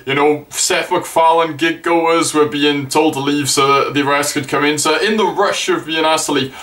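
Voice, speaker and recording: Brief: young vlogger, fairly high voice, excitable fan telling a story. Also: male voice, moderate pace. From Wales. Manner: excitable, sweary, gushing fan. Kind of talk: casual storytelling to camera.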